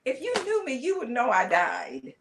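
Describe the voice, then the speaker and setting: An older woman chatting casually, telling stories in an animated, emphatic way. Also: fairly high pitch, moderate pace, noisy background. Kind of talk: casual chat.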